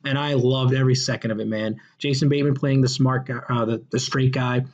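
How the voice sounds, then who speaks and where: A man's voice: medium pitch, fairly even intonation, brisk, darkish tone. A man hosting a casual podcast chat reviewing a movie, enthusiastic and rambling, with many fillers and restarts. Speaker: podcast host. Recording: dull lo-fi sound.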